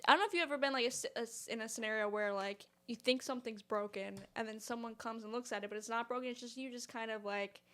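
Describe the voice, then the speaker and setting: A woman's voice: a little high, quick pace, hardly any pauses, fairly bright tone. A woman co-hosting a podcast, telling a story in a chatty way with many fillers. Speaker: podcast co-host. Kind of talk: casual podcast chat.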